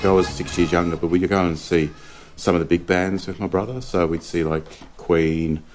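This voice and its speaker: Very deep-voiced middle-aged Australian man. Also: steady tone, normal speed, over music. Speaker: interview guest, a father. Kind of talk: relaxed reminiscing interview.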